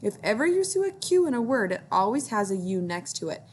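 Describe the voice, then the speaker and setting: A woman's voice: medium pitch, sing-song, a little fast, slight background noise. A woman teacher reading a picture book aloud to young children, encouraging them to join in.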